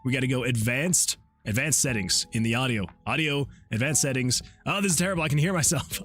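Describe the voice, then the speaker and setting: A man's voice: medium pitch, fast talker, hardly any pauses, a bit bright, faint music behind. A man, an indie game developer, chatting casually on a livestream into a desk microphone, reading chat messages aloud and chuckling often. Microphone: desktop USB microphone.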